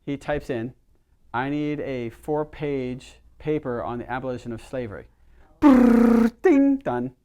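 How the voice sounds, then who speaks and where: A man's voice: mid-range voice, moderate pace, noisy background. Chatty middle-aged man leading a workshop. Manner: chatty, storytelling, asks the audience questions. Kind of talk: casual workshop talk to a small group.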